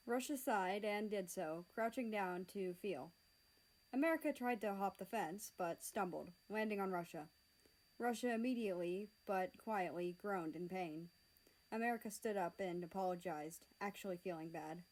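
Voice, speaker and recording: A woman reading fan fiction aloud in a steady, matter-of-fact narration. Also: mid-range voice, moderate pace, rough recording. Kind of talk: storybook narration.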